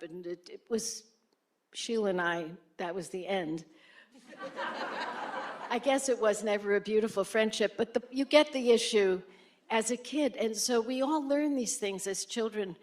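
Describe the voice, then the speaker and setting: An older woman, a former senator, telling stories in a conversational way at a lecture and acting out the people she quotes. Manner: animated, acts out quoted voices with sharp jumps in pitch. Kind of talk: conversational storytelling on stage.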